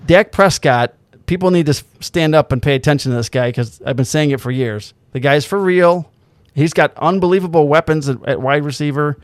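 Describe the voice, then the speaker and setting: A man's voice: a little high, a little fast, no echo. A man telling a story in casual chat, swearing freely and acting out the quotes.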